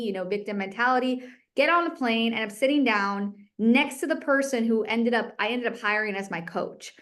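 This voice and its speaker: Candid, energetic woman telling her story. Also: fairly high pitch, normal speed. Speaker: guest speaker, real estate agent. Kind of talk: motivational talk.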